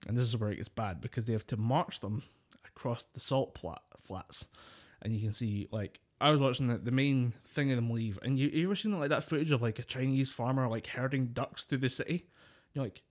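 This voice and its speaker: A man co-hosting a casual podcast tells a story full of swearing and laughter. His voice is mid-range and brisk.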